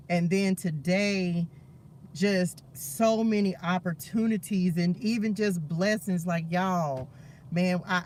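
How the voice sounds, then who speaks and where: A man's voice: high voice, a little hiss or hum. A man hosting a spiritual live stream, talking fervently and preachily to his viewers and calling them "y'all".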